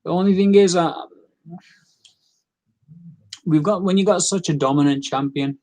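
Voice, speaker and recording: A man's voice: high-pitched, quick pace, a little mellow. A tired man giving a rambling, opinionated casual recap as host, full of fillers and restarts.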